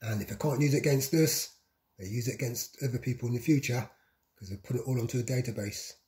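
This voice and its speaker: A man's voice: medium pitch, fast talker, warm tone. A man talking in a repetitive, insistent vlog monologue, piling up long lists. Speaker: vlogger. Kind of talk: monologue to camera.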